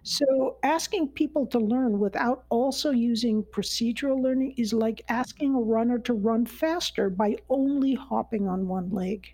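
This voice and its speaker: Gravelly, husky woman explaining neuroscience. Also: on the high side, normal speed, hardly any pauses, warm tone, no echo, rough recording. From United States. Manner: rambling, many restarts and fillers. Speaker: neuroscience guest expert. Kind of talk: conversational explanation.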